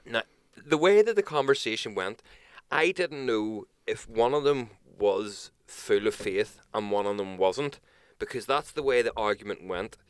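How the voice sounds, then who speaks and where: A young man tells a pub story on a podcast, swearing freely and slipping into the voices of the people in it. His voice sits low but swings widely in pitch. The sound is smooth and close, with no room echo. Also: measured pace, hardly any pauses. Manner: animated storyteller, swears freely, acts out others' lines. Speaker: podcast co-host. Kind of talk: casual storytelling chat.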